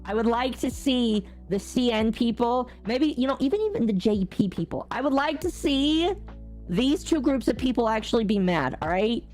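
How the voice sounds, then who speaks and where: Animated ranting woman streamer. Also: normal speed, faint music behind. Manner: animated ranting with big pitch jumps and laughter. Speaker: gaming streamer. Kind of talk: casual livestream chat.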